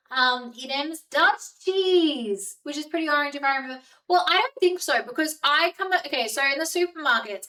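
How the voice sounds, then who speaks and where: A woman's voice: a little high, pushed and bright, recorded from a distance, poor audio. A woman streaming from home, chatting casually with her viewers and reading out their messages, with lots of fillers. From New Zealand and Australia. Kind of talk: casual chat with live viewers.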